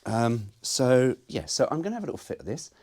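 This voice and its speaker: A man's voice: medium pitch, very animated, a little fast, a little mellow. A man talking casually to camera about working on his car, rambling and jokey with the odd swear word. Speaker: car vlogger. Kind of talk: casual workshop chat to camera.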